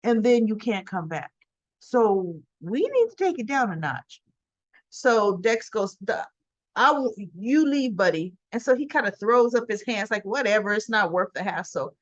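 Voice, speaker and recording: A woman's voice: mid-range voice, very animated, a little slow, no room sound, lo-fi sound. A woman recapping a soap opera episode in a casual, chatty way, acting out the characters' lines as she goes. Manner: chatty, acts out dialogue in quoted lines. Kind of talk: casual recap retelling scenes.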